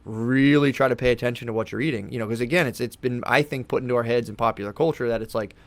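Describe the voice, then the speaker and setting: A man appears as a podcast guest, chatting casually at a fast clip in a mid-range voice. He rambles in a laid-back way, swears a lot, and calls his host "dude." The podcast studio mic sound has no room sound.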